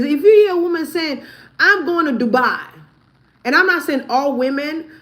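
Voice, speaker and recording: A woman's voice: a little high, a little hiss or hum. A woman vlogger giving blunt, profane gossip commentary, often breaking into laughter. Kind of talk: casual commentary.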